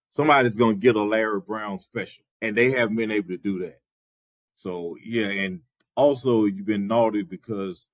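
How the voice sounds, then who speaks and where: A man co-hosting a sports podcast in casual chat, measured and dryly sarcastic. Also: fairly low pitch, dry recording, clean studio sound. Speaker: podcast co-host.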